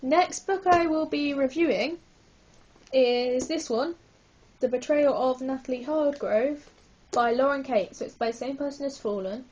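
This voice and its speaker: A woman's voice: high voice, a little slow, darkish tone, highs cut off. A woman vlogging a casual book review, hyper and giggly, rambling with lots of apologetic asides.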